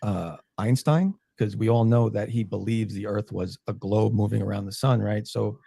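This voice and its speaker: A man's voice: lowish voice, fairly even intonation, normal speed, creaky, mellow, husky, dry recording, studio quality. A man in a heated debate, skeptical and accusing.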